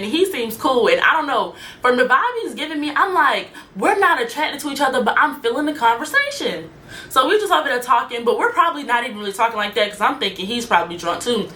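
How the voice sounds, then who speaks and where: A young woman tells a story in a casual, slangy way and speaks directly to her viewers. Her voice is bright and forward. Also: on the high side. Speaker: storyteller vlogger.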